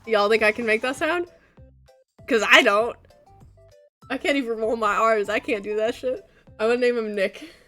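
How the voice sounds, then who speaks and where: A young woman streaming a game, chatting casually and breaking into loud laughing shrieks. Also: on the high side, normal speed, pauses often, soft background music. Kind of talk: casual gaming stream chat.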